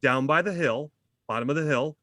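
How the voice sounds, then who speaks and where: A man's voice: fairly high pitch, normal speed, dry recording, studio quality. A man telling a funny story in a casual chat, acting out voices with self-deprecating humor. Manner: animated, acts out voices in his story.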